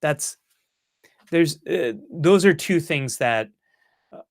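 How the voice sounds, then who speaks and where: A man's voice: on the high side, animated, takes it slowly, vocal fry, no echo, studio quality. A man hosting a live-stream Q&A, answering viewer questions in an earnest, encouraging way with self-mocking asides.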